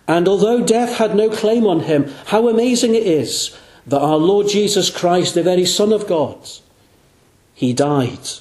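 A man with a fairly high voice preaches an evangelistic sermon in a church. He is earnest and lets his voice sink low and slow on the phrases he wants to land. The room around him rings with echo. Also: a little mellow. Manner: earnest, slows and drops low on key phrases. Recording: echoey room.

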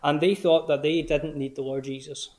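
An earnest man preaching a sermon at a measured pace. His voice sits a little higher than most men's, and he slows down for quoted verses. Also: fairly even intonation, a little mellow.

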